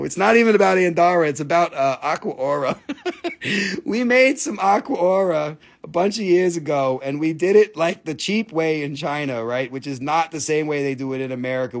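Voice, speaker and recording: A man with a high voice hosts a live crystal sale in a loose, joking way. He swears freely and breaks into giggles, and his tone has a gravelly creak. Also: animated, moderate pace. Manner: giggly, profane, jokey storyteller. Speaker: host of a live crystal sales stream. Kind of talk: casual live sales chat.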